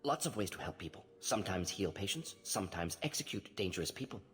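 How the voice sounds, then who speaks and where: An actor voicing an alien male scientist doctor who speaks in rapid, clipped fragments, dropping small words, in a video game. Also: low-pitched, animated, fairly bright tone.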